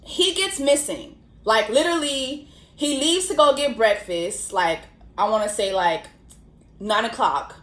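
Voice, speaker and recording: A young woman hosts a casual commentary vlog. She tells the story in an animated, slangy way and swears freely. Her voice sits fairly high and echoes around a roomy space. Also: measured pace. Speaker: host. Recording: roomy echo.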